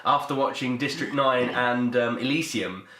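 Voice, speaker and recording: A man's voice: mid-range voice, normal speed, pushed and bright. A young British man co-hosting a podcast, chatting casually about films with lots of ums and restarts. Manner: rambling, hesitant, full of ums and restarts. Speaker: podcast co-host. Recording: echoey room.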